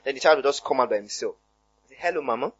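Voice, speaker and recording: A man with a Nigerian accent preaching a sermon in an animated, conversational way, his voice cracking, with frequent hallelujahs. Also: medium pitch, racing, no echo, lo-fi sound. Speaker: pastor.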